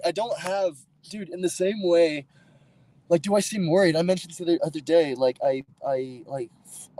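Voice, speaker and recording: Man, livestream host, mid-pitched, rambling, swearing, casual chat. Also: dark tone, poor audio. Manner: profane, rambling, argumentative with chat. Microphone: streaming mic.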